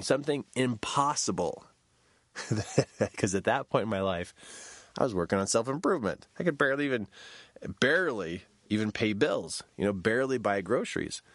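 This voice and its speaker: A man telling a personal story in a storytelling talk, shouting quoted lines in a high voice. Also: no room sound.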